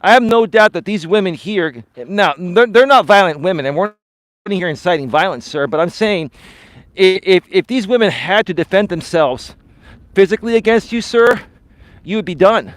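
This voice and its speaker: Man, life coach, live stream rant, confrontational, high voice, dry close sound. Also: expressive, moderate pace, dry recording. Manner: confrontational, repeatedly calls the listener bro and sir.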